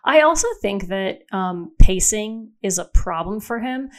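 A woman's voice: medium pitch, animated, measured pace. Candid, swearing woman podcaster. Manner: candid, profane, self-interrupting. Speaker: podcast co-host. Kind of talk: casual chat.

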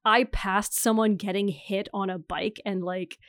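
A woman's voice: medium pitch, steady tone, measured pace, a bit bright, no room sound, clean studio sound. A woman in her thirties from Northern Ontario with a Canadian accent, hosting a podcast in chatty, self-deprecating casual talk with frequent laughs. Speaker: podcast host. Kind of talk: casual chat.

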